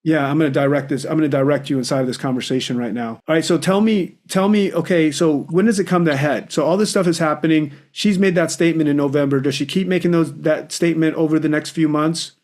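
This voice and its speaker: A man's voice: a little high, fast talker, hardly any pauses, a little mellow. Emphatic male marriage coach hosting a call. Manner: direct, emphatic, calls the caller brother.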